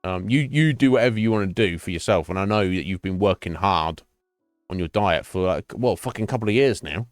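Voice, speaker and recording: Brief: middle-aged British streamer, low-pitched, blunt and profane, dry close mic with faint music behind. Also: male voice, fairly quick, no echo. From Britain. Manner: sweary, blunt, rambling with repeated restarts. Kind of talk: casual chat to stream chat.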